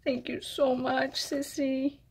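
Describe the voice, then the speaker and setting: Female vlogger unboxing crafts, high-ish voice, unhurried, gasping and gushing. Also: little pitch movement. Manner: gushing, breathy gasps of delight; soft-spoken, addresses her friend directly. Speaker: crafting vlogger opening mail. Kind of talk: casual unboxing chat.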